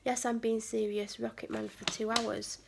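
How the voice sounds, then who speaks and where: A woman's voice: a little high, little pitch movement, moderate pace, creaky, noisy background. A woman from England chatting casually in her vlog, rambling along with lots of "like" fillers and sometimes dropping almost to a whisper. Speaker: vlogger.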